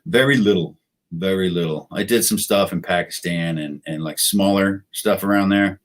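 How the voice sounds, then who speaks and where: A middle-aged American man, a retired soldier and podcast guest, telling war stories in a relaxed, anecdotal way. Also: sits low, normal speed. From United States. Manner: laid-back, anecdotal, acts out quoted voices. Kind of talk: casual storytelling interview.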